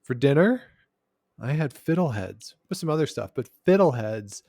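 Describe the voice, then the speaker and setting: A man's voice: mid-range voice, big pitch swings, normal speed, warm tone, no room sound, studio quality. A man co-hosting a podcast in casual chat, jokey and talkative, with filler "uh"s. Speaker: podcast co-host. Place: lives in Canada's capital.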